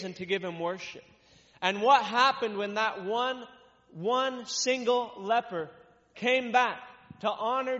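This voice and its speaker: A man, a traveling minister, reading scripture aloud and then preaching in a casual, repetitive way. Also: sits high. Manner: reads scripture loudly, then explains in casual repetitive talk. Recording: dull sound with long reverb.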